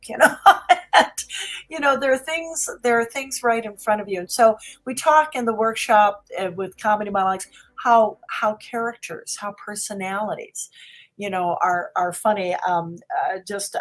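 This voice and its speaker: A woman's voice: medium pitch, poor audio. A woman comedy teacher chatting as a guest, rambling and restarting as she tells stories. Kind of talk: casual interview chat.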